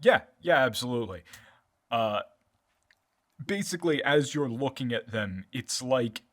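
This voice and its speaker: Male game master, casual rambling narration, average pitch. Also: animated, unhurried, fairly bright tone. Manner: loose, filler-heavy, profane.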